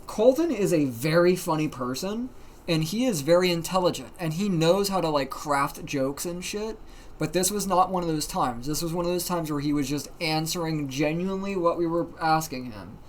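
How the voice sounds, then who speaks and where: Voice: medium pitch, normal speed. Streamer telling a rambly story, swears a lot, says like constantly, faint noise behind. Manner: animated, profane, many fillers. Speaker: livestreamer. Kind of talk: casual storytelling.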